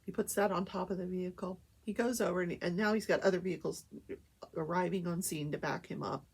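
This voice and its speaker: A woman's voice: on the low side, fairly even intonation, brisk, husky. An older woman hosting a casual talk show, telling a story animatedly and acting out the quoted voices.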